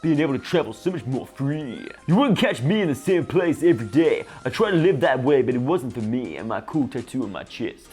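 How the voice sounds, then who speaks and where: A man's voice: medium pitch, lively intonation, a little fast, hardly any pauses, darkish tone, slightly rough, faint music behind. A man doing a laid-back flirty street cook.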